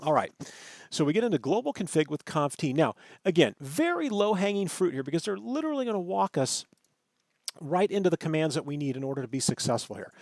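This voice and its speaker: Guy teaching networking, lively pitch, keeps saying right?, dry close mic. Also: a little fast, no echo. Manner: thinks aloud, self-correcting, stresses terms, asks "right?". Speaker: networking instructor. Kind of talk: screen-recorded lecture.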